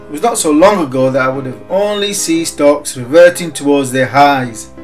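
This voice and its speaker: A man's voice: on the high side, moderate pace, soft background music. Man, sardonic market commentary. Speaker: market analyst. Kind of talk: scripted commentary.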